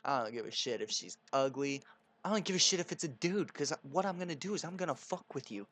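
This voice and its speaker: A man's voice: a little high, animated, brisk, a bit bright. A young man telling crude, profane stories in a casual rant while playing a video game. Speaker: gaming channel host. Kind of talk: casual storytelling over gameplay.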